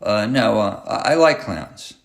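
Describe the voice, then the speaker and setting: A man's voice: lowish voice, big pitch swings, measured pace, vocal fry, heavily acted. A man voicing a timid eight-year-old girl who stammers and hesitates. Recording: roomy echoey room.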